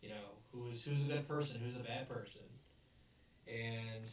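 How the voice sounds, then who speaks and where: A man's voice: mid-range voice, unhurried. A man hosting a casual film review chat, rambling and searching for words as he acts out quotes. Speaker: video host, film reviewer. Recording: very echoey room, distant mic, faint noise.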